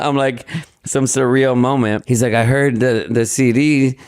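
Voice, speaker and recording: A man's voice: medium pitch, steady tone, moderate pace, no echo, clean studio sound. A man telling a long story as a podcast guest in casual chat, rambling and profane, acting out other people's lines. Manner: rambling, profane, acts out dialogue.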